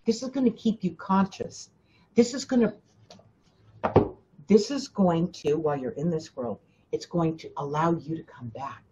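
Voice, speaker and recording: A woman's voice: on the low side, moderate pace, pauses often, dark tone, lo-fi sound, slight background noise. A woman hosting a spiritual coaching talk, speaking emphatically to her listeners, often repeating herself and addressing them directly. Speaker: spiritual teacher and host.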